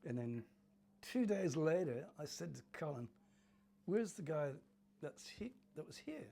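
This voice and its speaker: Older Cornish ex-footballer telling stories. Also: male voice, a little high, sing-song, a little slow, vocal fry, warm tone, slight background noise. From Cornwall, England. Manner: chatty, laughing, acts out voices in his stories. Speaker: former footballer, interview guest. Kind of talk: anecdotal interview storytelling.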